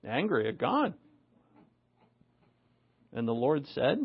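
A man preaching a sermon in a gravelly voice, sitting a little higher than most men. He swings between loud, drawn-out emphasis and quiet low asides. The recording sounds dull and lo-fi. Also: animated.

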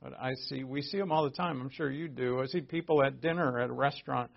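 A man's voice: mid-range voice, fast talker, gravelly. A man preaching a casual sermon as pastor, talking in a conversational, emphatic way with asides and restarts. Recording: dull lo-fi audio.

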